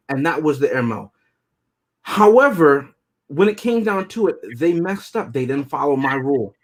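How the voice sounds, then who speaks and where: A man reviewing movies in a loose, joking podcast chat, chuckling through his own lines. His voice is a bit husky and sits somewhat high. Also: lively intonation, normal speed. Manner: joking, chuckles often while talking.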